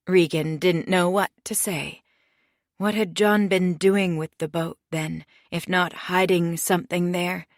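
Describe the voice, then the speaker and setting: A woman reading a mystery audiobook in steady, measured scripted narration. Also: on the low side, dry recording, clean studio sound.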